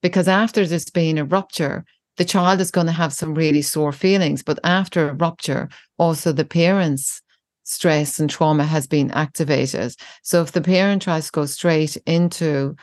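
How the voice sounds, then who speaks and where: A woman who teaches parenting, speaking in a reflective podcast conversation, thoughtful and gentle, often restarting her phrases as she explains. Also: low-pitched, fairly even intonation, normal speed, dry recording. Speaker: parenting educator guest.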